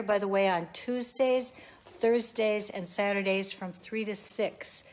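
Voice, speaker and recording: A woman giving a leisurely, chatty guided tour inside her small shop, showing off the items on the shelves. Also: medium pitch.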